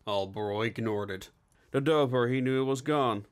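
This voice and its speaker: A man narrating a steampunk novel in a measured storytelling manner. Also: on the low side. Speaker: audiobook narrator. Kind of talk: scripted narration.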